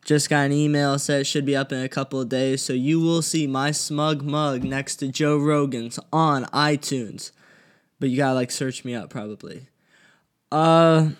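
A young man hosting a casual solo podcast, talking bluntly and swearing freely as he rants. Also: mid-range voice. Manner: profane, blunt and heated. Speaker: podcast host. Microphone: studio podcast mic.

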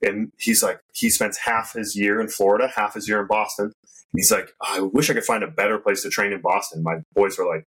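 A man's voice: lowish voice, fairly even intonation, a bit bright, husky, poor audio. A man hosting a podcast, a casual chatty talker who leans on "like" a lot. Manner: quick, chatty, lots of "like".

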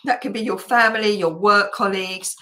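A middle-aged woman hosts a casual live chat. She rambles along with plenty of ums and restarts. Her voice sits at an ordinary pitch for a woman. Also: brisk, bright, forceful tone. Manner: chatty, rambling, with fillers and self-corrections. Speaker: host.

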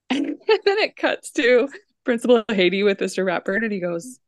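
A young woman co-hosting a casual podcast, giggling often as she retells scenes in an animated way. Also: mid-range voice, moderate pace, dry recording, studio quality. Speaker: podcast co-host.

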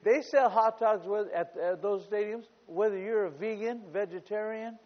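Brief: high-pitched male pastor, sermon delivery, humorous stories that swell into shouting, long reverb, slightly muffled. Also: moderate pace. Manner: storytelling with humor, rising to shouts.

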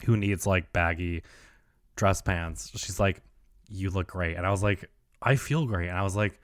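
A man's voice: deep voice, normal speed, dry recording, studio quality. A man hosting a podcast alone, telling a story in a loose, campy way and saying "like" constantly. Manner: chatty, heavy on "like", campy slang. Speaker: podcast host. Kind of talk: casual solo storytelling.

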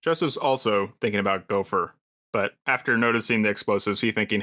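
A man's voice: lowish voice, fairly quick, sharp tone. A man playing a tabletop role-playing game, playful, slipping into a hearty in-character tone. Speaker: player.

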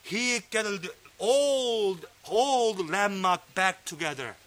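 A man preaching a sermon, fervent and emphatic, sometimes dropping to a low hush. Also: lively intonation, takes it slowly, slight background noise. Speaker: pastor. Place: fellowship meeting hall.

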